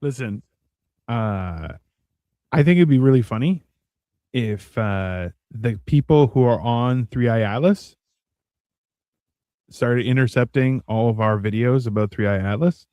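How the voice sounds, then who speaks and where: A man's voice: medium pitch, unhurried, pauses often, dry recording. A man co-hosting a casual livestream chat, joking and swearing freely as he spins silly stories. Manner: joking, profane, animated storytelling. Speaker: co-host.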